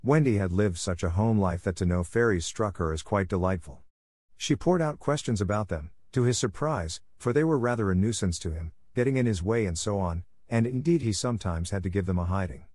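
A man reads a children's storybook aloud in a measured, even way. His voice sits low, and the recording is dry and close, with no room sound. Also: no echo. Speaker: narrator. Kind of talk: scripted storybook narration.

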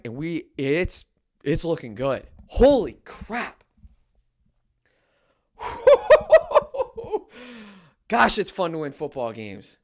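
Male sports vlogger, excitable fan rant, loud highs and muttered lows. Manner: excitable, big swings between loud cheering and low muttering. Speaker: sports YouTuber.

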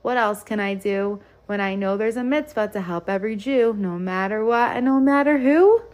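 A woman's voice: medium pitch, normal speed, darkish tone, lightly acted. Label, a woman voicing a grumbling older boy. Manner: reluctant, whiny.

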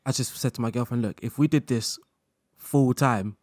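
A man's voice: medium pitch, moderate pace, no echo. Laid-back man chatting on a dry mic. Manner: relaxed, laughs often, loose run-on sentences with many fillers. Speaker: guest content creator. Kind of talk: casual interview chat.

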